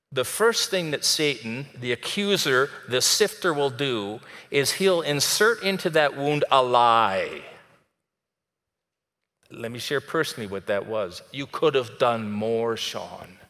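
A man preaching a sermon in a conversational way, dropping soft and then rising to emphatic. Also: mid-range voice, big-room sound. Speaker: pastor.

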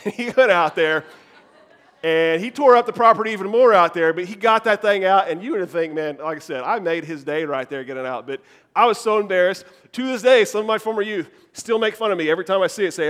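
Animated man preaching a sermon. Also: sits high, fairly quick. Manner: animated storytelling, laughs at himself. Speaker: youth pastor. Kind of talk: sermon with personal story.

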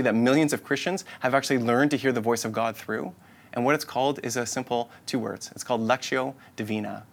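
A man delivering a sermon in an earnest, inviting way. His voice sits at a middle pitch, and he circles back over his points for emphasis. When he leads the congregation in prayer, he sinks into a hushed tone. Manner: earnest, repetitive, inviting phrasing; drops to a soft, low voice in prayer. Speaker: pastor.

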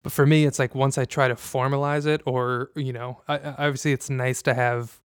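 A man muses aloud in a steady, flat-toned voice that stays smooth and clear. He hosts a casual conversation, thinking out loud and filling pauses with "like" and "you know". The sound is dry and close. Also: mid-range voice, no room sound. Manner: reflective, measured, many fillers.

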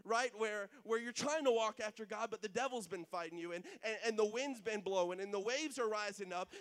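Earnest male preacher with a very high voice, addressing the congregation in church. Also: fairly quick, few pauses, a bit bright, smooth, in a large hall. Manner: earnest, speaks straight to the congregation. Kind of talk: sermon.

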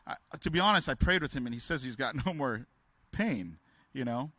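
A man preaching a sermon through personal stories. He talks candidly and haltingly, with many restarts, and raises his voice to act out the people in his stories. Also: medium pitch, animated, bright, forceful tone, no room sound.

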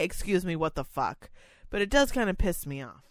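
A woman in casual chat, telling animated, profane stories. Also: fairly low pitch, normal speed, no echo, studio quality.

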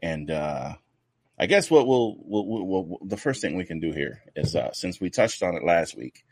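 A man's voice: deep voice, very animated, normal speed, slightly rough, dry recording. A man co-hosting a casual podcast, rambling loosely and swearing freely as he chats. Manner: loose, profane, rambling banter. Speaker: podcast co-host.

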